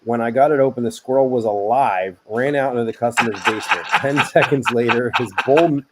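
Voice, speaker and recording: A man's voice: medium pitch, brisk, fairly bright tone. A man co-hosting a podcast, reading listener stories aloud in casual, dry chat. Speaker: podcast co-host.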